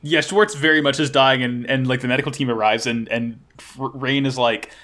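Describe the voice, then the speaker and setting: A man co-hosting a casual podcast, recapping episodes with animated retellings and casual swearing, then reading a short episode summary. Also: mid-range voice, a little fast. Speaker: podcast co-host.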